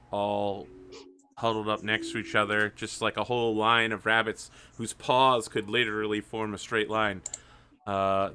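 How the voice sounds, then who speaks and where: A man running a tabletop roleplaying game as game master, narrating playfully with quick asides. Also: fairly low pitch, pushed and bright, a little hiss or hum.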